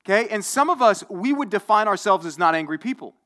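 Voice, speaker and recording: A man's voice: sits high, expressive, fast, pushed and bright. Man, forties, pastor, chatty sermon, repeats words, checks in with the room. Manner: conversational, repetitive, asks the audience.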